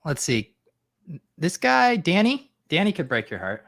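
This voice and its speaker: Dude co-hosting a draft stream, bright voice, always teasing his buddy. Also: on the high side, huge pitch swings, measured pace, creaky. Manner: teasing, joking banter. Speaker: fantasy football co-host. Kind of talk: casual live-stream chat.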